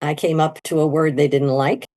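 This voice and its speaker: A middle-aged woman telling her story in an interview, animated and leaping into high quoted voices. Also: moderate pace. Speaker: guest, near-death experiencer.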